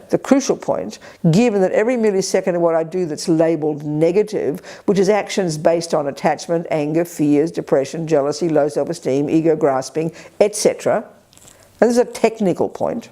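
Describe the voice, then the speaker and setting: A woman giving a spirited, blunt Buddhist teaching at a retreat, with quick asides and colloquial swearing. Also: on the low side, dark tone. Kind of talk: dharma teaching to a live group. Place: retreat center hall.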